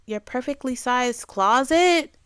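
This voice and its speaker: A woman voicing an obsessed male stalker boyfriend from a game, talking quietly, gently and unsettlingly. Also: high voice, animated, slow, clean tone, no room sound, exaggerated voice. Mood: eerie calm.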